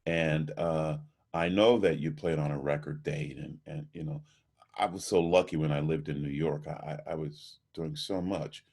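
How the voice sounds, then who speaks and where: Deep husky man telling stories. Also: normal speed. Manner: animated storyteller, acts out voices in anecdotes. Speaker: interviewee, jazz trumpeter. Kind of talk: storytelling in a video call interview. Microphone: video call.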